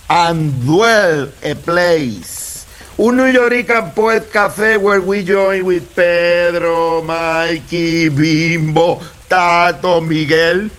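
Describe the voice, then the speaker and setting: Slow, chanting older poet. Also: male voice, fairly high pitch, a bit bright. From Puerto Rico. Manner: rhythmic, chanting refrains, slipping between English and Spanish. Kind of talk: spoken word poetry performance.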